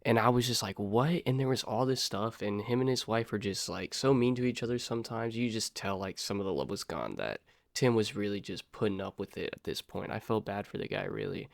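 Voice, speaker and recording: A young man casually telling a personal story to his viewers, rambling and slangy, peppering his talk with "dude" and "bro" and swinging between loud and quiet. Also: on the low side, a little fast, vocal fry, dry recording, clean studio sound.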